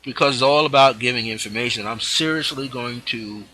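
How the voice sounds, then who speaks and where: A man hosting a spiritual teaching show, speaking reflectively and letting his phrase endings drop off softly. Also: medium pitch, brisk, poor audio.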